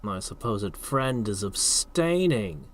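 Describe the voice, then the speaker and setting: Slow, lively man narrating his game. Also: on the low side. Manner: thinks aloud, reacting to the game. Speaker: gameplay streamer. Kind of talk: casual let's-play commentary.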